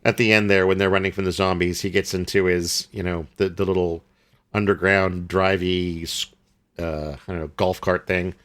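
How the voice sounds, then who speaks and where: Man, low voice, bright tone, casual podcast co-host, rambling, lots of fillers. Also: level tone, moderate pace. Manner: rambling, many fillers and restarts. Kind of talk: casual film review chat.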